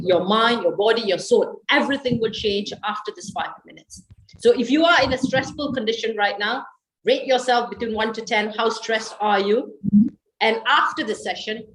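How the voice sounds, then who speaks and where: Woman running a laughter yoga class on a video call, kinda high voice, really encouraging. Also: rough recording. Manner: encouraging, coaxing, bursts of laughter. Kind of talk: guided laughter yoga session.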